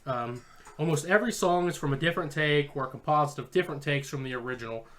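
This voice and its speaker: A man's voice: on the high side, fairly bright tone. A man co-hosting a casual podcast, reading his notes on an album and joking with friends while chewing an apple. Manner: joking, profane, reads notes quickly. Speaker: podcast co-host. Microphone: home podcast mic, eating apple.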